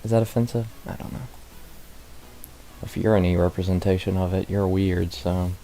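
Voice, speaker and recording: Stream music plays behind a low-pitched, mellow male voice that holds a steady tone at a moderate pace. He's a guest on the stream, chatting casually, laughing a lot and making jokes at his own expense.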